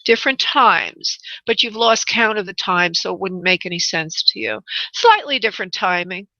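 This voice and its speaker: A woman from New York with a New York accent, hosting a live call-in radio show as a psychic medium, chatty and pausing to consult spirit. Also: medium pitch, gravelly, bright, forceful tone, no echo, lo-fi sound. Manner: chatty, pauses to consult spirit, laughs easily.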